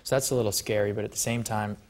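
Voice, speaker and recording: A man, an actor guest on a talk show, telling stories in an animated, joking, self-mocking way. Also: fairly low pitch, racing. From United States.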